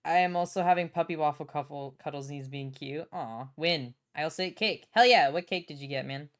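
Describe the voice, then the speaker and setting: A woman's voice: low-pitched, brisk. A young adult woman streaming casually from home, bubbly, swearing freely and reading chat aloud.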